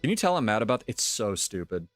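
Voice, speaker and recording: A man's voice: on the low side, sing-song, fast, no echo, faint music behind. A male streamer from the United States in casual live-stream chat, ranting with lots of swearing and exasperation.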